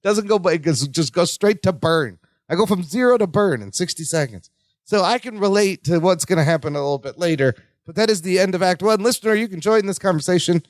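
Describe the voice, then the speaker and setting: High-voiced man in chatty podcast talk. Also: animated, fairly quick, no echo. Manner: chatty, laughs often, acts out quotes. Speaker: podcast co-host. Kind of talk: casual chat recapping a sitcom.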